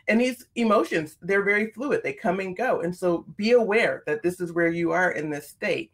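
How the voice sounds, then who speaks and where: Woman on a podcast, earnest and expressive, kinda low voice, just telling her story. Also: normal speed, few pauses. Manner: expressive, earnest, talks through her feelings openly. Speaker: podcast guest. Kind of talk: conversational storytelling.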